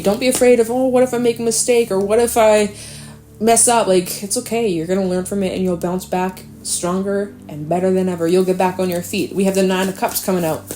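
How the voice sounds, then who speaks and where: A woman's voice: fairly low pitch, warm tone. A woman giving a casual, chatty tarot reading in an encouraging tone. She sometimes swears and acts out anxious inner voices. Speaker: tarot reader.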